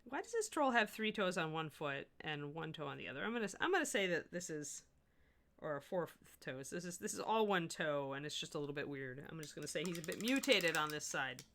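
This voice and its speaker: Woman, middle-aged, painting livestream host, casual chat, animated, bright forceful voice. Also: low-pitched, a little fast. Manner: chatty, thinks aloud, self-correcting and animated.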